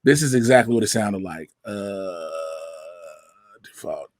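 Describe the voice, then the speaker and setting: A man's voice: lowish voice, measured pace, no echo. Profane laughing Chicago man, dry sound. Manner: profane, laughing, animated storytelling. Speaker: podcast host. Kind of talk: casual chat.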